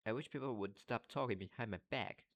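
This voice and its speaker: A man's voice: medium pitch, a little fast, close to an everyday voice. A man reading aloud as a self-pitying ghost schoolgirl, dramatic and tearful.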